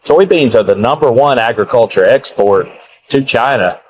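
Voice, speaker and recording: Measured man with faint noise behind. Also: mid-range voice, expressive, low-quality recording. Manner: measured, halting with fillers. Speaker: farm advocate. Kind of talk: news clip statement.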